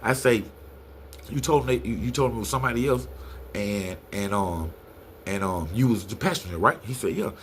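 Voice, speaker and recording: A man's voice: a little fast, slight background noise. A middle-aged man telling a story in casual talk, acting out the quoted lines in a raised voice. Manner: animated, acts out quotes in a higher voice.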